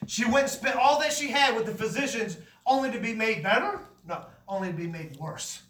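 High, bright-voiced man preaching fervently. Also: brisk, reverberant, recorded from a distance, slight background noise. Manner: fervent, emphatic preaching with repeated phrases. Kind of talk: sermon with testimony. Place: church.

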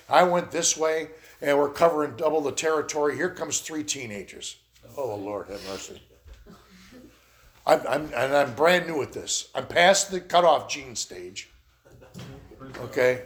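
A pastor with a high-pitched voice preaches to his congregation. He tells stories in a folksy way, full of laughs and asides. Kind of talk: sermon.

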